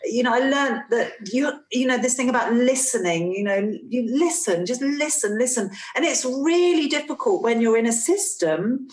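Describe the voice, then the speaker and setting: A woman's voice: a little high, expressive. Earnest woman telling a story in a roomy space. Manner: earnest, halting, with many restarts and repeated phrases. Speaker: parent guest telling a story. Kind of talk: casual conversation, personal storytelling. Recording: roomy, echoey room sound.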